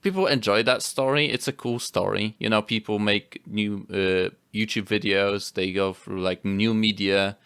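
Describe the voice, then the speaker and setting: A man's voice: fairly low pitch, steady tone, normal speed, few pauses, fairly bright tone, clear, resonant tone, dry recording, studio quality. A man co-hosting a podcast, chatting easily about films with a hesitant, filler-heavy way of talking. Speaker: podcast co-host. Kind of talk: casual film review chat.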